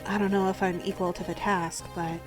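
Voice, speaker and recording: A woman's voice: fairly low pitch, flat delivery, brisk, music in the background, lightly acted. A woman voicing an earnest young male noble lord as she reads game dialogue aloud, in close to her own voice.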